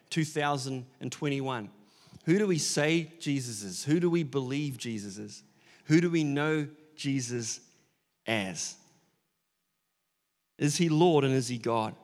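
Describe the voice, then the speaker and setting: A man's voice: fairly high pitch, in a large hall. A man preaching an Easter sermon, earnest and building to emphatic declarations, with casual asides and fillers. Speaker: pastor.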